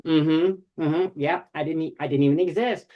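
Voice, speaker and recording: A middle-aged man, a puppeteer, telling stories in a casual interview, animated and full of fillers. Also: a little high, moderate pace, lo-fi sound. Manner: animated, many fillers and voiced quotes. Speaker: puppeteer guest.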